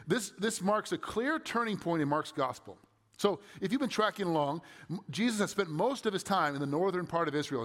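The recording, drenched in long hall reverb, captures a pastor reading scripture before preaching in a conversational tone and quizzing listeners with rhetorical questions. His voice leans high and a bit bright.

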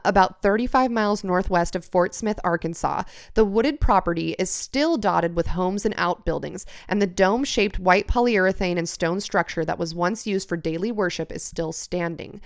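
Smooth-voiced woman reading true-crime notes. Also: mid-range voice, normal speed, hardly any pauses. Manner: reads researched passages aloud between chatty asides. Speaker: podcast host.

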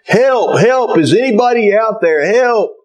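A panicked man dangling over a drop, crying out in a high, strained voice, as a preacher acts him out. The pitch jumps well above his normal speech. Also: expressive, a little slow. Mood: desperate. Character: desperate man hanging from a cliff.

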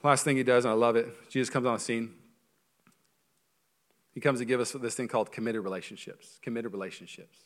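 A male pastor with a mid-range voice preaches a sermon in a church, animated and joking, with quick asides.

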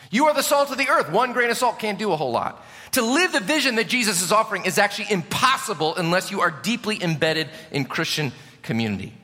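A man from Chicago preaching a sermon as pastor, emphatic, lifting key lines and dropping low at the ends. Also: bright, forceful tone, in a large hall.

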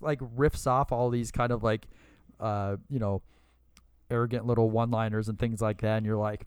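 A man's voice: lowish voice, fairly even intonation, normal speed, darkish tone, clean tone, dry recording, clean studio sound. A man co-hosting a podcast, chatting casually in a rambling way, full of fillers and laughs. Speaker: podcast co-host. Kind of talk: casual chat.

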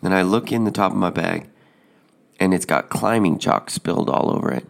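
Deep, gravelly man with a flat, deadpan delivery, telling a personal story with plenty of ums. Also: normal speed. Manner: deadpan, hesitant with fillers.

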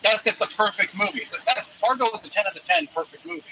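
A man's voice: sits high, fast talker, bright, forceful tone, lo-fi sound, slight background noise. A man calling in as the show's movie reviewer, talking casually and stumbling over repeated words, with some swearing. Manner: hesitant, repeats words, profane. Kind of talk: casual call-in chat.

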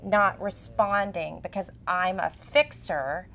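A woman in her forties, co-hosting a casual chat as an expressive, chatty storyteller. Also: lowish voice, slow, creaky, slight background noise. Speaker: co-host.

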